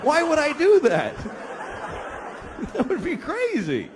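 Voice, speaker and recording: A man doing a stand-up comedy routine, exasperated and profane, building to shouted rants on a stage before a live audience. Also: extremely high pitch, wildly swooping pitch, slow pace, crowd noise. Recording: live club recording, audience laughter, light hiss.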